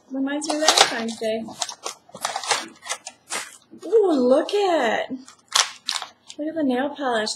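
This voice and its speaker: A chatty woman vlogger with a high voice unboxes a package in casual, rambling talk, gushing over each item. She speaks slowly and unhurriedly. The sound is echoey, with faint noise underneath.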